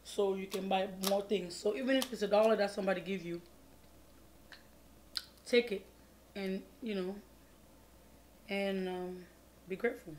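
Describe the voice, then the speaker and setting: A woman's voice: medium pitch, a little slow, long pauses, a little mellow. Woman from Cameroon, vlog host, eating and chatting, eager and repetitive, faint background hiss. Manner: chatty, repeats pleading words, mumbles while eating. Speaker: vlogger. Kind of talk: casual mukbang storytime vlog.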